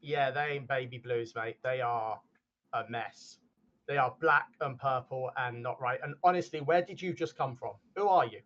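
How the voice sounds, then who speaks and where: A man's voice: medium pitch, normal speed, a bit bright, muffled recording, close to an everyday voice. A man voicing a blunt, suspicious male adventurer in a tabletop game, speaking brusquely.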